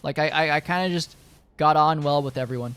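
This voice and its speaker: A man's voice: a little high, a little fast, a bit bright, clean tone. A young man streaming, chatting casually to his viewers in a rambling way, full of fillers and swearing.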